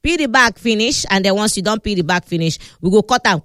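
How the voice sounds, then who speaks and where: A woman's voice: medium pitch, lively intonation, a little fast, a bit bright, no room sound. A woman with a Nigerian accent hosting a studio cooking show, walking viewers through a recipe in a chatty, teasing way. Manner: chatty, teasing, fond of sound words. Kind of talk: lively cooking demonstration in pidgin.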